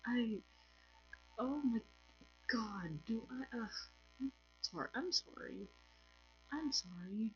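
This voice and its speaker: Speaking slowly with long pauses, a tired woman with a French accent gives a casual lesson to camera on her own language channel. Her voice is on the high side and animated; she's chatty and apologetic and often restarts sentences. The lo-fi recording, made in a home room with colored lights, has faint music behind it.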